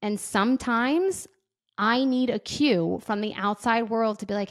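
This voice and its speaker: A woman in her thirties hosting a casual advice podcast, chatty and quick to act out little bits of dialogue. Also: a little high. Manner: chatty, says "like" often, acts out dialogue. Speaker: podcast host.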